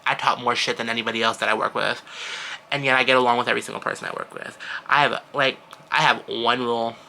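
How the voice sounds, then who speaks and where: An eighteen-year-old man venting to camera in a casual vlog, animated and exasperated, with sudden leaps up in pitch. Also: fast talker, gravelly, a little hiss or hum, poor audio. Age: teens. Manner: animated, exasperated storytelling with big pitch jumps. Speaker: vlogger.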